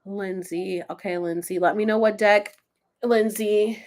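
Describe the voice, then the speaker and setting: A woman's voice: medium pitch, fairly even intonation, measured pace, darkish tone. A woman hosting a casual livestream, chatting with viewers, swearing and laughing as she pulls oracle cards and reads them aloud. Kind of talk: casual livestream chat with card readings.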